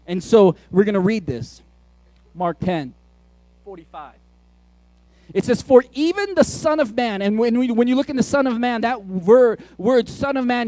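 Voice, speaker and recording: High-voiced man preaching animatedly. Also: no echo. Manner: animated, conversational preaching with playful asides. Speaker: pastor. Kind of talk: sermon.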